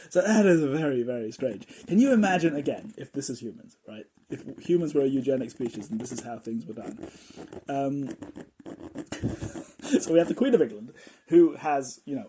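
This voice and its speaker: A man hosting a casual explanatory podcast, telling his points in a playful, jokey, animated way. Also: mid-range voice, a little hiss or hum. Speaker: podcast host.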